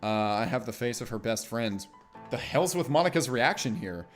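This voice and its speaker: A man's voice: mid-range voice, lively intonation, moderate pace, soft background music. A man streaming himself as he reads a visual novel aloud and comments on it casually, with wry asides and some swearing.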